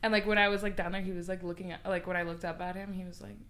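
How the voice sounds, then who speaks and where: A woman's voice: lowish voice, flat delivery, rapid-fire, fairly bright tone. A woman who is a podcast guest, telling candid, profane stories in casual chat and filling her talk with "like". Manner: candid, profane storytelling with many "like" fillers.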